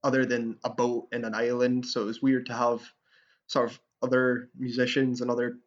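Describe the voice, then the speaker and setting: An exasperated man co-hosts a casual film podcast and recaps scenes with plenty of fillers and restarts. His voice sits at a middle pitch. The recording is dull and muffled. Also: monotone, moderate pace. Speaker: podcast co-host. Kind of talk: casual film-review chat.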